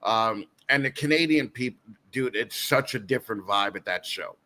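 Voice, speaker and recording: A man's voice: fairly low pitch, expressive, normal speed, pushed and bright. A man guest hosting a casual podcast, telling a rambling story full of restarts and laughter. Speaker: guest host.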